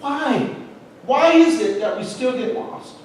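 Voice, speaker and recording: A man preaching to his congregation, his fairly high voice rising into loud emphasis and dropping into soft asides. He stands off the mic, so the sound is distant and washed in heavy church-hall echo. A faint hum of room noise sits underneath. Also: slow. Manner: storytelling, animated, shifts between loud emphasis and soft asides. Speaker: pastor. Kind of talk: sermon. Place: church auditorium.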